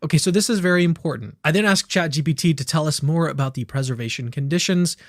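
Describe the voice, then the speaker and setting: A man's voice: on the high side, quick pace, dry recording, clean studio sound. A male podcast host reading a text aloud and explaining it, with casual, chatty asides.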